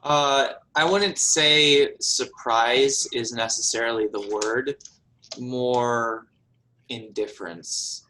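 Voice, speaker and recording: A man running a tabletop role-playing game as game master, answering in a halting, thoughtful way. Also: medium pitch, fairly even intonation, sharp tone, a little hiss or hum, low-quality recording.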